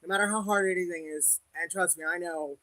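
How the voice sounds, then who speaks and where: A man's voice: high-pitched, steady tone, fairly quick, pushed and bright, no room sound, poor audio. A man hosting a casual livestream as a psychic reader, speaking candidly to viewers with frequent laughs and religious conviction.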